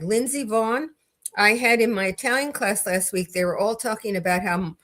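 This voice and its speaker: A woman's voice: mid-range voice, fairly bright tone. An older woman hosting a legal commentary livestream, telling a story in a chatty, opinionated way with frequent restarts.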